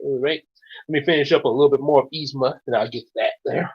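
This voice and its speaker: A man's voice: medium pitch, quick pace, husky. A man reading his own story aloud in a casual storytime, chuckling and stumbling into restarts as he goes. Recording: dull lo-fi recording.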